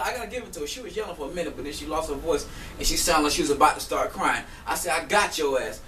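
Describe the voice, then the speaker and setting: Talking fast in a high-pitched voice, a vlogger from South Florida tells a heated, profane story about being scammed, using AAVE and animatedly playing both sides of the fight. The recording sounds roomy and echoey, with a distant mic and faint room hum.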